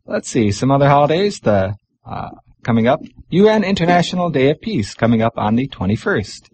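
A man hosting a community radio show in a studio, chatting casually and pausing often with fillers. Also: mid-range voice, husky. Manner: relaxed, chatty, pauses with many fillers.

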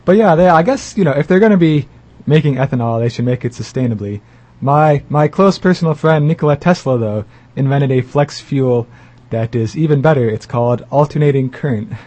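A man's voice: mid-range voice, lively intonation, a little fast, darkish tone. A man co-hosting a community radio show in casual chat, joking and sarcastic, laughing often.

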